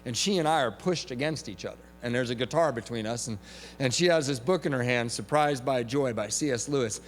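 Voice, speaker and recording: A man giving a talk at a recovery meeting, telling a story with lively comic timing and shouting some punchlines. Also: medium pitch, fairly quick. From from Southern California. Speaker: AA speaker. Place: large hall with audience. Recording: reverberant hall recording with faint hum.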